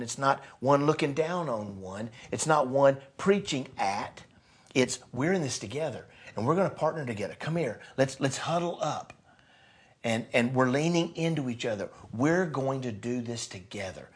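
Pastor, male, husky tone, earnest sermon delivery with swings between loud and soft. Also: mid-range voice. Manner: earnest, builds to loud bursts then drops soft.

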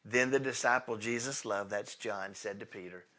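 Animated, storytelling male preacher. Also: fairly low pitch, moderate pace. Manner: animated storyteller, swinging from loud to hushed; casual, conversational retelling. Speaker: pastor. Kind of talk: sermon.

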